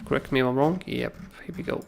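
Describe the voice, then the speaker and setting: A man hosting a crypto trading livestream, talking through charts in a casual, animated way and often asking "right?". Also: mid-range voice, quick pace, vocal fry.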